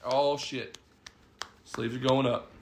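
A man's voice: medium pitch, flat delivery, slow, echoey room, background noise. A man with a Texas accent hosting a podcast, profane, teasing and laughing a lot in rowdy casual chat. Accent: Texas Southern US. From Texas, USA.

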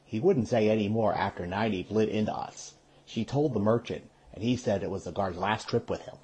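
A man reading aloud, voicing a wry, uneasy young village man in a quiet, hushed way. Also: lowish voice, brisk, slight background noise, natural voice.

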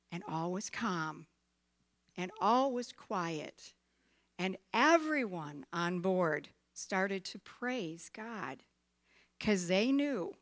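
Woman doing a kids bible story, bright clear voice, takes her time, playful. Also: medium pitch. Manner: lively, dramatic, playful.

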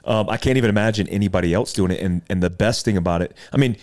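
A man hosting a podcast interview, gushing with eager, excitable enthusiasm. His voice is very low and deep, and his talk is casual and slangy. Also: very fast. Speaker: podcast host. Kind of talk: casual conversation.

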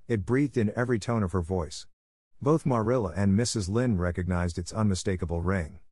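Low-voiced male audiobook narrator. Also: darkish tone, no echo, clean studio sound.

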